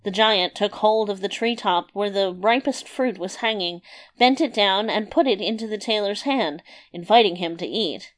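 Lady reading a fairy tale, steady and expressive, middle pitch. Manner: measured, expressive read-aloud delivery. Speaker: narrator.

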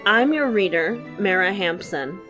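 A woman's voice: medium pitch, music in the background. Woman reading a fairy tale aloud. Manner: measured, expressive read-aloud pacing. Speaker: reader and host. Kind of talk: storybook narration.

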